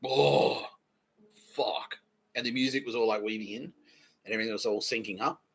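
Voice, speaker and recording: A man's voice: lowish voice, fairly even intonation, very fast, fairly bright tone, a little hiss or hum. A man hosting a comedy podcast, rambling through a story, swearing freely and acting out the voices he quotes. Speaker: podcast host.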